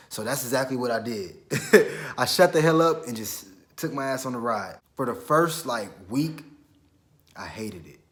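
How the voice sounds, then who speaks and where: A young man from Georgia telling a story in a casual, slangy, profane way, quoting himself as he goes. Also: medium pitch. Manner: animated, quick retelling with self-quotes. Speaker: vlogger.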